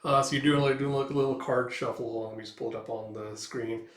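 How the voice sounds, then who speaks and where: In an echoey room, a man with a mid-range voice and fairly even intonation hosts a casual comic read-through. He talks quickly in a laid-back way, giving read-aloud commentary full of filler "uh"s.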